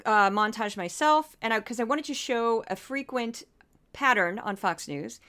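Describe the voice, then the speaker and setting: A woman's voice: fairly high pitch, a little slow, a bit bright. A woman hosting a podcast, delivering indignant, impassioned commentary and getting worked up as she argues. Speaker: podcast host.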